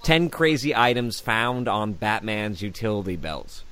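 A man's voice: fairly low pitch, sing-song, measured pace, fairly bright tone, clean tone. A man co-hosting a podcast in casual chat, reading through a list and joking along. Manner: reads list items aloud, jokey, laughs often. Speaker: podcast co-host.

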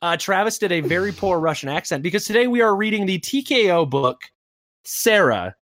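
A man hosting a casual podcast chat, animated, quick and jokey. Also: high voice, dry recording, clean studio sound. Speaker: podcast host.

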